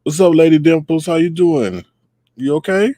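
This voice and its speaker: A man's voice: on the high side, moderate pace, mellow, dry recording. A man hosting a casual livestream, greeting viewers by name in a loose, playful way. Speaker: livestream host.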